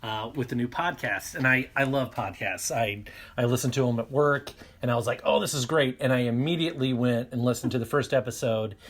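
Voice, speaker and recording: A man, a cast member on an audio drama podcast, chatting casually and telling his story with excitement and laughter. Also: medium pitch, brisk. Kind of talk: casual chat.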